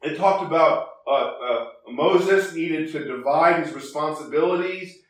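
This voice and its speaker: A man's voice: a little high, a little slow. A man teaching from the Bible in a conversational sermon, with many restarts and fillers and a lift in his voice when he quotes the text. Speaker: preacher. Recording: very echoey hall, voice from far off.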